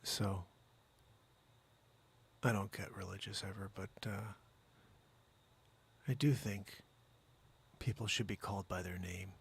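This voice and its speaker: A man's voice: low-pitched, steady tone, takes it slowly, pauses often, slightly rough. A man hosting a comedic news show, rambling through headlines with jokey asides.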